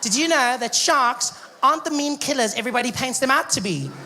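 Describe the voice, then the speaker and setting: A man's voice: very high-pitched, animated, fairly quick, sharp tone, a little hiss or hum, pitched above the performer's own voice, exaggerated voice. A man putting on the upbeat, earnest voice of a male television shark expert. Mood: chirpy.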